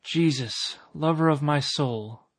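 A man voicing a dying elderly village woman, stubborn and pious, who speaks slowly and feebly in strained country speech. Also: fairly high pitch, no echo, clean studio sound. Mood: feeble.

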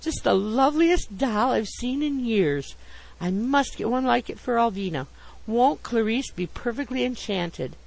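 A man's voice: high voice, normal speed, gravelly, full character voice, poor audio. A man voicing a gushing, delighted society wife fussing over a doll.

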